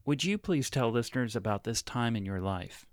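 A man's voice: mid-range voice, lively intonation, normal speed, no echo, studio quality. A man hosting an interview show, reading a formal scripted introduction and asking questions. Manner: formal, read-from-script delivery. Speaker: radio show host.

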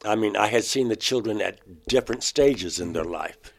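Halting, low-voiced man recounting an experience. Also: lively intonation, creaky. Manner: halting, restarts mid-phrase, voice rising sharply when quoting himself. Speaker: interview guest, painter.

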